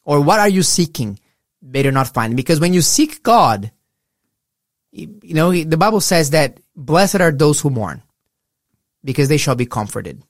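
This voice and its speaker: A man's voice: on the high side, sing-song, normal speed, no echo, studio quality. A middle-aged man co-hosting a casual Bible discussion, earnest and reflective in a pastoral way. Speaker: podcast co-host.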